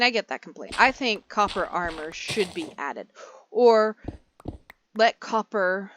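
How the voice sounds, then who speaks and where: A woman's voice: medium pitch, pushed and bright, a little hiss or hum. Chatty, rambling young woman gamer. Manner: rambling, easily sidetracked, chatty. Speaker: gaming video creator. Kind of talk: casual gameplay commentary.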